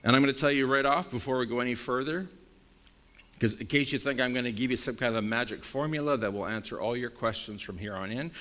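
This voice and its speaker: A man preaching a sermon as pastor, emphatic and blunt, talking straight to his congregation. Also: quick pace. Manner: emphatic preaching with wide swings in pitch and loudness; direct, frank and blunt with the congregation.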